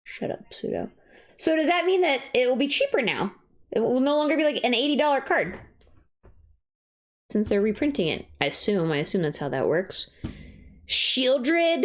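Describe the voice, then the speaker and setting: A young woman streaming and chatting casually, bursting into excited exclamations and casual swearing. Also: high-pitched, moderate pace. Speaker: streamer reviewing card sets. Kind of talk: casual livestream chat.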